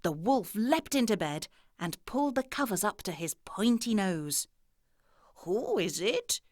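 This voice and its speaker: A woman narrating children's fairy tales in an expressive storytelling manner. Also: mid-range voice, moderate pace, no room sound, clean studio sound.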